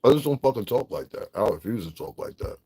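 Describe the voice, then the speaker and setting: A man's voice: medium pitch, animated, fast talker, dark tone, husky. A middle-aged man from Connecticut, ranting bluntly and profanely in a casual livestream, laughing often. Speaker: vlogger.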